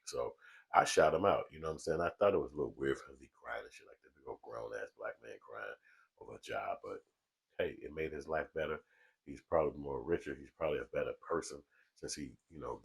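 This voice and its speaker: A man with an extremely deep voice talks in a calm, mellow, relaxed way to a small camera alone in a small studio. His tone is gravelly and husky, and his talk is loose and full of casual swearing. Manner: laid-back, swearing street talk. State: relaxed from smoking. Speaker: vlog host. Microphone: small camera mic.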